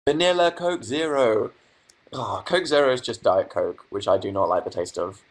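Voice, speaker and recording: A man's voice: mid-range voice, animated, normal speed. A young man from England hosting a casual livestream from his bedroom, reading out viewer comments and answering them with dry, sarcastic asides. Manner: reads chat aloud, dry sarcastic asides. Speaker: livestream host.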